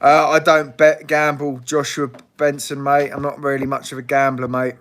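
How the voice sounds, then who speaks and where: Man, bright voice, fairly high, blunt sweary livestream chat, laughs a lot. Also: monotone, normal speed. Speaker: livestream host. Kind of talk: casual live Q&A chat.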